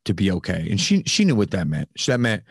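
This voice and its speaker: A man's voice: low-pitched, wildly swooping pitch, quick pace, husky, no echo, clean studio sound. A man telling a candid personal story in casual conversation, with frequent fillers and some swearing. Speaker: podcast host, guest telling his recovery story.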